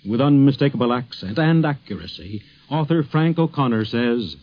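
A man's voice: medium pitch, lively intonation. Brief: male narrator, formal scripted documentary voice, dull lo-fi sound. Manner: measured, formal delivery. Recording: dull lo-fi recording.

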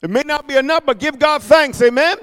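A male preacher giving an emphatic sermon, calling out for amens and swinging between shouting and hushed asides. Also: very high-pitched, brisk, big-room sound.

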